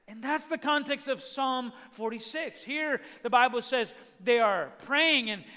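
High, bright-voiced man preaching. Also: a little slow, few pauses. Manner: preaching with rising emphasis, rhetorical questions. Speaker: pastor. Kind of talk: sermon. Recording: long hall reverb.

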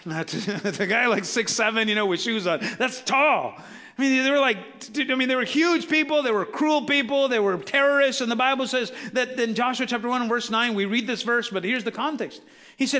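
A man preaching with a high, ringing voice that stays near the top of the male range. He talks to the congregation in a casual, joking way and slips into little voices for the people in his Bible stories. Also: fairly quick. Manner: conversational and animated, acting out Bible characters with casual asides. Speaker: pastor. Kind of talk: sermon.

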